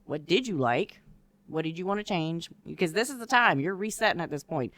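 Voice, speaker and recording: A woman, co-hosting a casual podcast chat, telling animated stories and acting out her own past reactions. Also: on the low side, brisk, no room sound. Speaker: co-host teaching decorative rod wraps.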